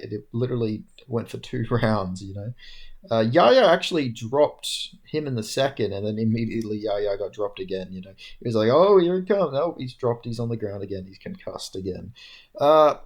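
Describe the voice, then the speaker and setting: A young man talks alone through a fight card recap, sounding worn out from little sleep. He rambles loosely, swears casually and leans on fillers. His voice sits at an ordinary middle pitch. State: tired, yawning. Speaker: MMA commentator recapping fights. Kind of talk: casual solo recap talk.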